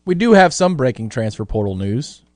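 A man co-hosting a sports radio show and trading quick, joking banter. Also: medium pitch, big pitch swings, no echo. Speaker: radio co-host and producer. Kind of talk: casual sports radio talk.

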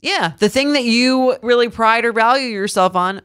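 A young woman co-hosting a podcast, talking in a lively, opinionated and emphatic way. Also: on the high side, normal speed, smooth. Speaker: podcast co-host. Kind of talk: casual chat.

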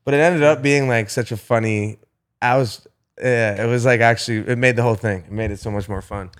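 A young man tells a rambling story to his friends, peppering it with curses and filler words. His voice sits at an ordinary pitch and he speaks casually. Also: brisk, clean tone. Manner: animated, swearing, heavy filler words.

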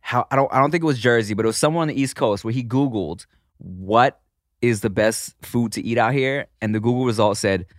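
A man's voice: mid-range voice, brisk, no echo, studio quality. A man co-hosting a podcast in casual chat, talking loosely and with lots of swearing and laughter. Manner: animated, profane, laughs often. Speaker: podcast co-host.

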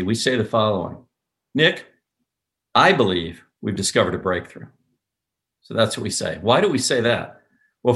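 A man's voice: medium pitch, a bit bright. A man talking as a podcast guest, telling stories emphatically and acting out quoted dialogue. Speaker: podcast guest, sales executive. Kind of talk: podcast interview.

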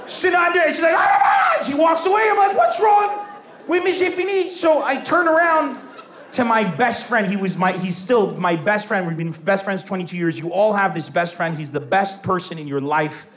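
A man performing stand-up comedy storytelling, animated, bursting into loud shouts as he acts out characters. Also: high-pitched, moderate pace. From Lebanon. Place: large venue with a live audience. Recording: echoey hall with crowd laughter.

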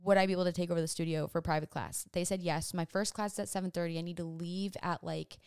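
A young woman vlogger casually retelling a frightening night, animated and breathless, with lots of fillers. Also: lowish voice, fast talker, clean tone, no room sound, clean studio sound. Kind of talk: casual storytime.

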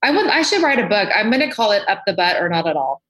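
A woman's voice: mid-range voice, very animated, quick pace, fairly bright tone. A woman makeup artist, a guest in a casual interview, talking candidly and animatedly and swearing freely. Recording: roomy echo.

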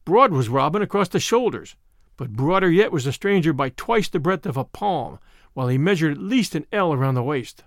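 A man narrating an old-fashioned adventure story in an expressive storytelling manner. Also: fairly high pitch, a little fast, no room sound, studio quality.

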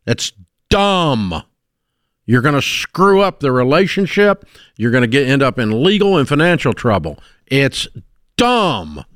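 A man's voice: medium pitch, very animated, brisk, no room sound, clean studio sound. Blunt, emphatic man hosting radio. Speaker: radio talk show host. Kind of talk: call-in radio commentary.

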